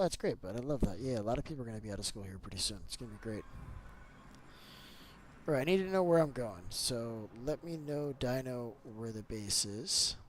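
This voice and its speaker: A man's voice: medium pitch, a little hiss or hum. A man streaming a building game, chatting casually with viewers and friends and often repeating himself. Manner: relaxed, talks to chat and friends, repeats himself. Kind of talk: casual livestream chat.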